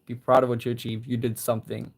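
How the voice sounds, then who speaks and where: Gravelly-voiced young man chatting with viewers. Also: medium pitch, little pitch movement, fast. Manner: gentle, encouraging, praising viewers. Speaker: livestream host. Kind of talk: casual live chat reading viewer comments.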